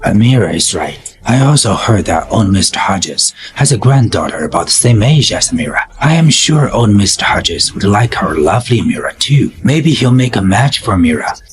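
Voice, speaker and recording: A man's voice: on the low side, sing-song, moderate pace, few pauses, slight background noise. An actor dubbing an arrogant father who threatens a young woman in a drama. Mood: bullying. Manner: blustering, threatening. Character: arrogant middle-aged father, bullying and threatening. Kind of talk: English dub of a drama.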